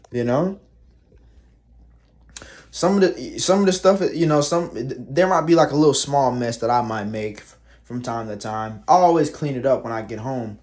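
A man's voice: medium pitch, a little slow, pauses often, a little mellow. A young man venting in a casual, rambling monologue, swearing freely and sounding fed up. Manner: profane, rambling, exasperated. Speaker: vlogger.

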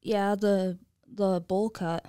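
A woman's voice: mid-range voice, fairly even intonation, slow pace, warm tone, clear, resonant tone. A woman co-hosting a podcast, chatting casually in a laid-back, dry way. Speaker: podcast co-host. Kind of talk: casual chat.

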